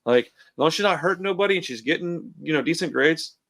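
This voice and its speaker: Laid-back, profane fortysomething man, higher voice. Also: lively intonation, fast talker, fairly bright tone. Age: 40s. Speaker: podcast host. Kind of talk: casual podcast chat. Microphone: computer call mic.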